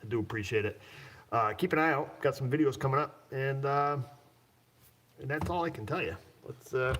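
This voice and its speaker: A man's voice: medium pitch, normal speed, fairly bright tone, a little hiss or hum. A man hosting a livestream as a mechanic, talking in a loose, jokey, rambling way and chuckling often. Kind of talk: casual livestream chat.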